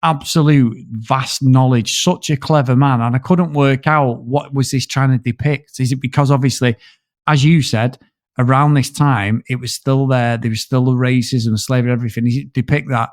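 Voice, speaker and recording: A man talks through a film in a loose, meandering way, cursing freely and looping back on himself. His voice sits at an ordinary middle pitch. The recording is dry and close, with no room sound. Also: normal speed, dry recording. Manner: rambling, sweary, animated storytelling. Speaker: podcast co-host. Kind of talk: casual film review chat.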